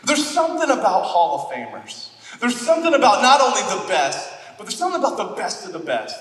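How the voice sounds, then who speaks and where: A man's voice: high-pitched, wildly swooping pitch, brisk, fairly bright tone, echoey room, long reverb tail, distant mic, low-quality recording. A man from Florida preaching a sermon as pastor, joking and self-deprecating as he tells stories. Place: church auditorium.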